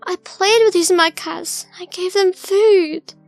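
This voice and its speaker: A woman's voice: very high-pitched, steady tone, slow pace, no room sound, faint music behind, voice pushed up, heavily acted. A woman voicing a grieving woman who pleads in a raised voice. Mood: distraught. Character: grieving woman who tamed stray cats.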